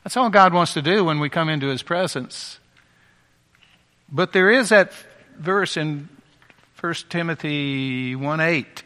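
A man's voice: fairly high pitch, slow, pauses often, pushed and bright. A man preaching a sermon with impassioned, emphatic repetition, heard in a large hall.

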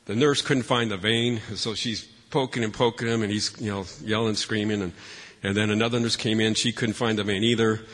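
A man's voice: on the low side, fairly even intonation, brisk, hardly any pauses, a bit bright. Chuckling man telling stories in a hall. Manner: chatty and self-mocking, with frequent restarts and chuckles. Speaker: father telling family stories to an audience. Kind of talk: personal storytelling talk. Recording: long reverb from a large hall.

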